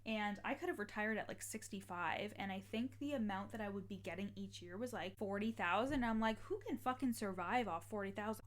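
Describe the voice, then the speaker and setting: A young adult woman, a life coach and podcast host, talking casually and encouragingly to listeners, with lots of "like" fillers and the odd swear word. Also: medium pitch.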